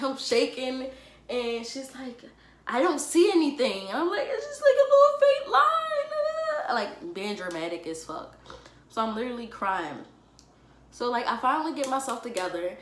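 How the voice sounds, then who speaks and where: A young woman vlogger, telling a personal story in a casual, animated and dramatic way, full of fillers. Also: mid-range voice. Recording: echoey room with faint ambient noise.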